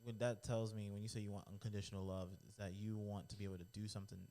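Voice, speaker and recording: A man's voice: on the low side, level tone, racing, mellow. A man co-hosting a podcast in casual chat, joking and stammering as he restarts. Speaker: podcast co-host.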